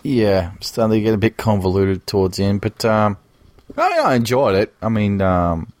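A man's voice: on the low side, big pitch swings, moderate pace, dry recording. A man co-hosting a casual film podcast, rambling and making crude jokes. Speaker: podcast co-host.

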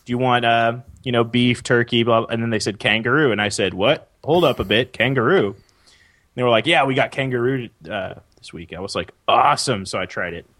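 A man's voice: medium pitch, fairly quick, no room sound, clean studio sound. A man hosting a podcast, joking around in casual chat. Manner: lively, jokey, fake French bits. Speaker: podcast host.

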